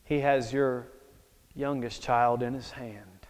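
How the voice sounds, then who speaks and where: A male preacher delivering a sermon as a dramatic story, swinging from hushed to loud. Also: medium pitch, fairly even intonation, slow, clear, resonant tone. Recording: echoey hall.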